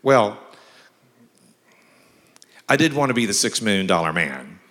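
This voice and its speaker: Man, pastor, sermon, slow delivery, long church-hall reverb, humorous and emphatic. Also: on the low side, very animated, fairly bright tone. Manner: humorous storytelling mixed with emphatic scripture reading. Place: large church sanctuary.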